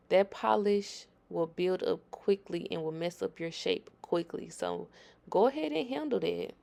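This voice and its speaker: A woman's voice: medium pitch, unhurried, creaky, a little mellow. A woman hosting a nail tutorial, talking viewers through her work in a chatty, emphatic voice-over.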